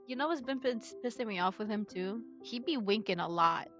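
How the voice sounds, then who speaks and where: A woman co-hosting a casual book club podcast, animated and swearing freely, laughing often as she reads passages aloud. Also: mid-range voice, brisk, dull audio, over music.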